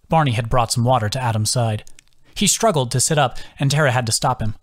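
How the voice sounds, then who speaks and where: A man's voice: medium pitch, fairly quick. A man, the author, reading his own fantasy novel as scripted audiobook narration. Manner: steady storytelling.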